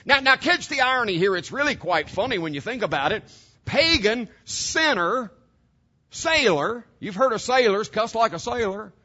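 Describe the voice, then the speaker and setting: High-voiced emphatic male preacher. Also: big pitch swings, normal speed, sharp tone, muffled recording. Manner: emphatic, addresses congregation directly with rhetorical questions. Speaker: pastor. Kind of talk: sermon.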